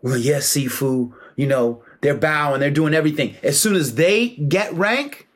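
A man delivering a heated, emphatic monologue with a slightly high voice. He lectures in a preachy, slangy way, pressing his points hard and slipping into mocking asides. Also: lively intonation, normal speed. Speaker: martial arts commentator. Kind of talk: impassioned monologue.

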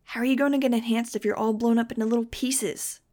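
A woman voicing a teenage bird-boy yelling a sarcastic question at a crowd, in a storybook reading. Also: fairly high pitch, fairly even intonation, fast talker, voice pushed up, lightly acted.

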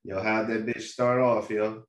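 A young man casually recapping an anime episode with a co-host, animated and slangy, acting out the characters' lines as he goes. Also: on the low side, a little slow.

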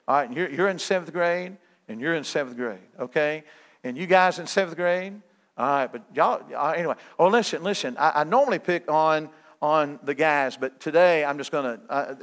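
A man's voice: a little high, fairly bright tone. A middle-aged man preaching a sermon as a guest evangelist, folksy and joking with his listeners.

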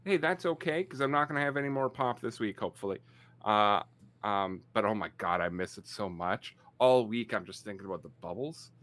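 Man, forties, podcast co-host, bright tone, slightly low pitch, self-mocking storyteller. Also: expressive, a little fast. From Canada. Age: 40s. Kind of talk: casual chat.

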